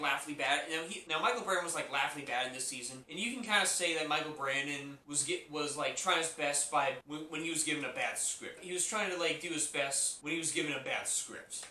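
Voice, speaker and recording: A man's voice: fairly high pitch, pushed and bright. Rambling exasperated man in echoey room. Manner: repetitive, exasperated, restarts often. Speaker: retro TV reviewer. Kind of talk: casual rambling review. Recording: echoey room, set back from the mic, faint hiss.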